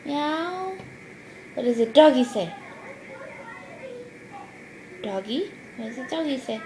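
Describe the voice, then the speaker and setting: A woman in a home video, coaxing a toddler with slow, sing-song baby talk. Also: a little high, expressive, dark tone, a little hiss or hum, low-quality recording. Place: family home indoors.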